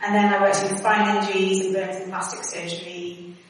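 A woman's voice: medium pitch, little pitch movement, fairly quick, a little hiss or hum. A middle-aged English woman with a slight Welsh twang, telling her life story in a chatty, anecdotal way as a guest speaker at a church service. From England. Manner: chatty, anecdotal, laughs often, acts out dialogue. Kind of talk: personal testimony talk. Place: church hall. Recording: echoey hall from far off.

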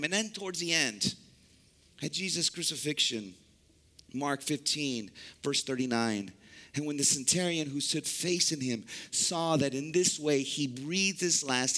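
A man preaching a sermon to his church, with slow, emphatic delivery and dramatic pauses. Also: on the high side, pushed and bright. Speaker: pastor.

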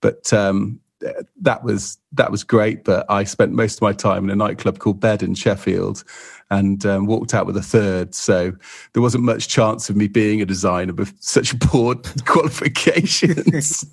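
A middle-aged man from England tells rambling, self-deprecating stories in a relaxed podcast chat. His voice is gravelly with a husky edge, and he breaks into the voices of people he's quoting. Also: lowish voice, a little slow. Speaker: podcast guest and co-host photographer. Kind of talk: casual storytelling chat.

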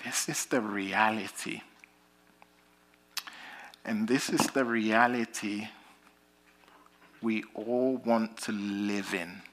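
A man with a British accent preaches with a bright, ringing tone. He speaks slowly and deliberately, pressing hard on key words, then easing into hushed, quiet lines. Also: lowish voice. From Britain. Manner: animated storytelling, rising to emphatic lines then dropping soft. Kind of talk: sermon.

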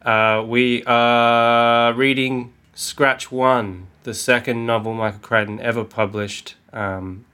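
A man with an Australian accent co-hosting a podcast, casual, jokey and quick to swear. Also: medium pitch, level tone, bright, forceful tone, smooth. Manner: swears freely, jokey and self-mocking. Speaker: podcast co-host.

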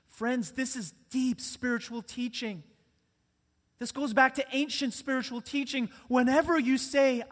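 A male pastor preaching a sermon, earnest and repetitive, moving between hushed and loud. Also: high voice, normal speed. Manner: earnest, repeating phrases, swings between soft and loud. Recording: long hall reverb.

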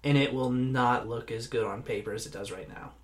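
A man's voice: mid-range voice, brisk. A man hosting a podcast in casual, teasing chat with his co-host. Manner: laughing, teasing.

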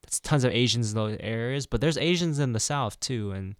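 A man talks casually at a middle pitch, telling rambling stories full of restarts and self-corrections. His voice is recorded close and dry, with no room sound. He slips into acted-out dialogue when he quotes people. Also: animated, brisk, smooth, dry recording. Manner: rambling storytelling, many restarts. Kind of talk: casual chat.

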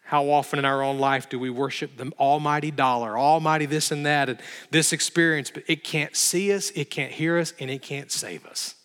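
Brief: male pastor, slightly high, bright forceful voice, emphatic sermon delivery in a reverberant hall. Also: steady tone, normal speed, hardly any pauses. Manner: emphatic, building intensity, dramatic retelling.

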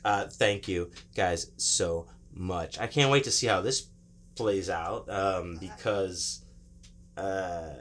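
Casting: male podcast host, bright and forceful tone, animated and rambling. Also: low-pitched, slow. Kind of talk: casual podcast chat.

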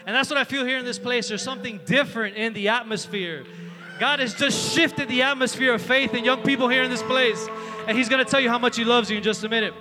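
A man giving a youth sermon in a large hall with an audience, telling a story in a chatty, energetic way full of fillers. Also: very high voice, fast talker, music in the background. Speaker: youth preacher.

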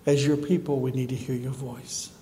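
Man preaching softly in an echoing hall. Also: mid-range voice, level tone, slight background noise. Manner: soft, slow, then rising to fervent emphasis. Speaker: pastor. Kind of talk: sermon. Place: church sanctuary.

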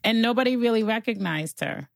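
A woman co-hosting a casual chat show from a small studio, playful and quick to laugh. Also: a little high, animated, creaky, no room sound. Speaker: co-host.

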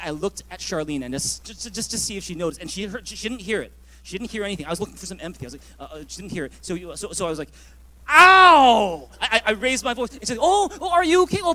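Male pastor, high-pitched, preaching in an animated storytelling manner. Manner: storytelling with acted-out dialogue and congregation prompts. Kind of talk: sermon.

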